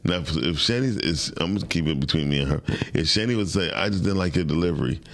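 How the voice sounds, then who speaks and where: Very deep-voiced man explaining bluntly. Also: lively intonation, fast talker, vocal fry. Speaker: co-host. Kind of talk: casual morning show chat.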